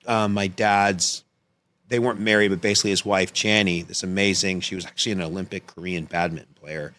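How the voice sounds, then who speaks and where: Low-voiced man telling a story animatedly. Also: brisk. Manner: animated, acts out quotes in raised voices, swears freely. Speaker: podcast guest, filmmaker. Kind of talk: casual storytelling.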